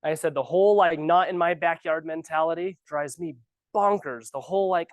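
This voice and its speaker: Give me an animated, sarcastic man coaching new agents in a dry room. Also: a little high, moderate pace, dry recording. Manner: animated, ranting, sarcastic asides. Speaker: real estate trainer. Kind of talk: casual training talk. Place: office training room.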